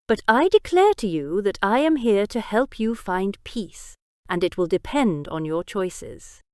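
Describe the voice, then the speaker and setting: A woman voicing a cold young male vigilante who speaks in slow, menacing, deliberate sentences in a storybook reading. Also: medium pitch, very animated, a little mellow, no room sound, studio quality.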